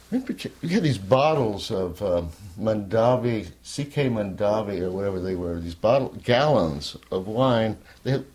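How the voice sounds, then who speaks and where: An older man telling a personal story in a candid, rambling way, at times sinking to a soft near-whisper. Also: mid-range voice. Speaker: interviewee.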